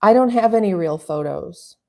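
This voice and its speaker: Mellow-voiced woman chatting on a live stream. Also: mid-range voice, animated, moderate pace, creaky. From US West Coast. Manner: rambling, chatty, laughs often. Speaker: livestream host reading chat. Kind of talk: casual live chat.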